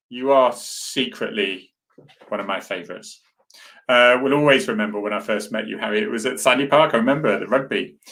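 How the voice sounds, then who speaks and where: Earnest and rambling, the host responds to viewer comments in a casual live chat, full of restarts and side remarks to his audience. His voice is mid-range with a fairly bright tone.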